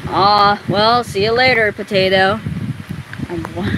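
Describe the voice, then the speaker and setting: A woman's voice: medium pitch, measured pace. A young woman chatting casually with friends on a stream, giggly and rambling, swearing often. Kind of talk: casual chat. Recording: noisy background.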